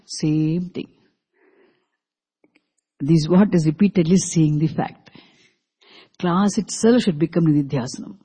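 An unhurried teacher lecturing a scripture class in a mellow, husky voice. Sanskrit terms are repeated slowly and unpacked word by word, with frequent questions put to the students. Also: medium pitch. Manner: asks the class rhetorical questions. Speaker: Vedanta teacher.

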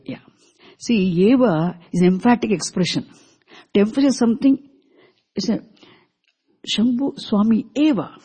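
A teacher giving a scripture class, deliberately repeating and explaining Sanskrit terms and asking the students questions. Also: medium pitch, mellow, slightly rough. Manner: asks the class rhetorical questions. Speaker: Vedanta teacher.

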